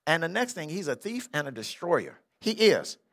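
Older guy preaching, bright high voice jumping all over, does the bible people in slang. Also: moderate pace. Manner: animated preaching, acting out Bible figures in street slang. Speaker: pastor. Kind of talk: sermon. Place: church sanctuary.

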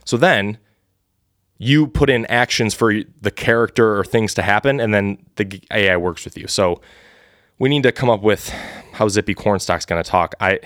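A man's voice: on the low side, moderate pace, a bit bright, no room sound, clean studio sound. A man casually reading an AI-written adventure story live for the first time, laughing at it along the way. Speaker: storyteller and host.

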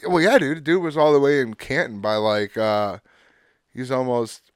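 A man's voice: medium pitch, fairly even intonation, normal speed, clean tone, dry recording, studio quality. A man co-hosting a podcast, telling a story in a laid-back, swear-filled way and acting out what people said. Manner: laid-back, swears a lot, acts out quotes. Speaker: podcast co-host. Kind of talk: casual storytelling.

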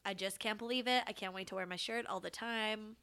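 A woman co-hosts a podcast in bubbly, jokey chat full of deadpan sarcasm. Her pitch sits in the middle. The voice sounds bright and crisp. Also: fairly quick. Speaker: podcast co-host. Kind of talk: casual chat.

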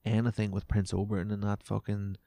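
A man's voice: on the low side, level tone, brisk, creaky, warm tone, no room sound. A man hosting a casual solo podcast, sweary and sarcastic, his voice wearing out. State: voice going. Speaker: podcast host.

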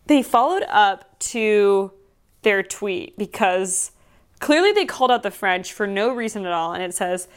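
A woman's voice: mid-range voice, a little slow, smooth. A woman hosting her own show, talking in a casual, sardonic way that turns reflective. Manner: sardonic and animated, softening to reflective. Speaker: podcast host. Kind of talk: casual solo commentary.

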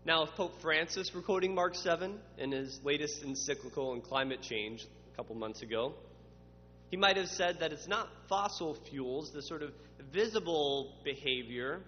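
A man preaching a sermon, building to emphatic spoken lists. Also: on the high side. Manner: dramatic voices for quoted questioners, builds to emphatic lists. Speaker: pastor. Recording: muffled, with long reverb and faint hum.

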